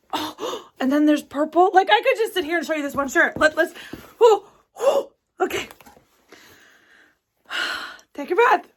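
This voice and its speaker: A woman, chatting through an unboxing with gushing, gasping delight and halting restarts. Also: high voice. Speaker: crafting vlogger. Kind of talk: excited unboxing chat.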